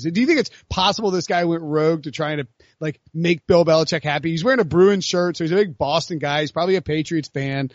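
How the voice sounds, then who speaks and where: A man co-hosting a sports podcast in casual chat, rambling and animated with many restarts. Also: fairly high pitch, brisk, dry recording, muffled recording. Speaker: podcast co-host.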